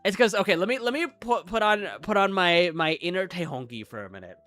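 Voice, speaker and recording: A man's voice: high-pitched, animated, fairly quick, pushed and bright, no room sound, faint music behind. A man chatting casually on a live stream, rambling and self-interrupting with lots of fillers.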